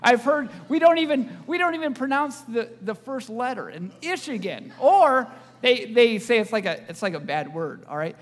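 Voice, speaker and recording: High-voiced man preaching in a hall. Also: sing-song, moderate pace. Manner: joking, audience-engaging preacher. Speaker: pastor. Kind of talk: sermon. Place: church.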